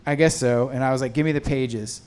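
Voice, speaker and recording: A man's voice: mid-range voice, fairly even intonation, a little fast, darkish tone, smooth. Rambling man on a film panel. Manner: rambling, many fillers and restarts. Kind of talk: casual anecdote on a panel.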